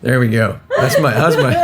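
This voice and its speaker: A high-voiced man tells stories on a live stream from a hotel room, rambling, restarting and often laughing at his own jokes. He's recorded on a laptop microphone.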